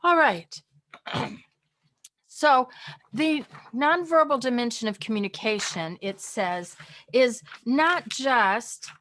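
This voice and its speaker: A woman teaching a college communication class online from home, chatty and lively, acting out different tones of voice. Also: mid-range voice.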